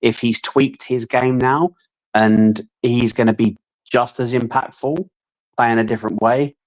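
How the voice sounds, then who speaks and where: A man co-hosting a casual fan stream, talking at length in measured, opinionated stretches. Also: mid-range voice, fairly even intonation, poor audio. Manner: long opinionated monologues, measured. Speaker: podcast co-host.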